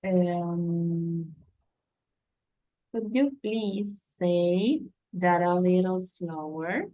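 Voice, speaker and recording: Slow hesitant woman student, dull sound. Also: lowish voice. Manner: hesitant reading with fillers.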